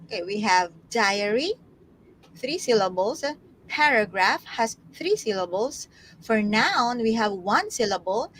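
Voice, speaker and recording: Woman co-tutor, high and lively, slow expressive reading. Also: a little hiss or hum, poor audio. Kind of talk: classroom teaching and reading aloud.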